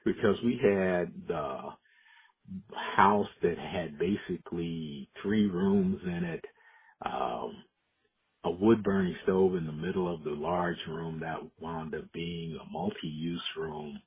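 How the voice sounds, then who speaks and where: A man's voice: deep voice, expressive, slow. A man from Decatur, Illinois, an educator, telling his life story in a reflective oral history interview with frequent restarts. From Decatur, Illinois, USA. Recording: muffled phone-like audio.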